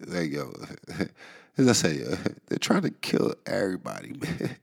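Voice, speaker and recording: A man's voice: low-pitched, wildly swooping pitch, unhurried, vocal fry. A man hosting a podcast in a casual monologue, nasal and stuffy from a cold, rambling wryly and chuckling between thoughts. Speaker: podcast host. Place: New York area.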